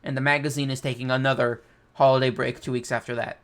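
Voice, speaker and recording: A man hosting a casual comic reaction, reading panels aloud and thinking out loud with excitement. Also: medium pitch, quick pace. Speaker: manga reaction host.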